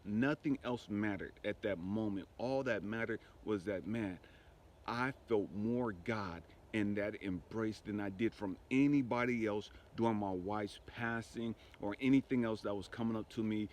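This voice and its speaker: A man's voice: fairly low pitch, normal speed, a little mellow, slight background noise. A grieving man telling a personal spiritual testimony in a conversational way, often asking "you know what I mean". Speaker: spiritual speaker.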